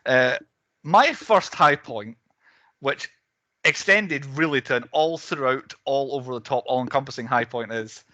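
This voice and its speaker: A man's voice: mid-range voice, a little slow, sharp tone, dry recording. A man hosting a casual podcast chat, laughing often as he steers the talk. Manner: laughs often, runs the segments. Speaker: podcast host.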